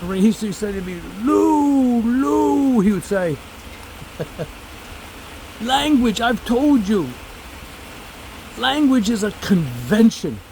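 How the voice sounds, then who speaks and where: A man's voice: high voice, darkish tone, slight background noise, poor audio. A man in his seventies, a former teacher, chatting casually and rambling off on tangents while he picks figs outdoors. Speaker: fig grower and former teacher. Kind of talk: casual garden vlog. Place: outdoors among fig trees.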